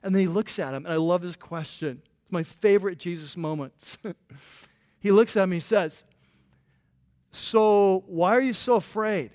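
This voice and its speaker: A man preaching a sermon as a pastor, animated and playful, acting out the voices in the stories he tells. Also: high voice, fairly quick. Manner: animated, playful, acts out quotes.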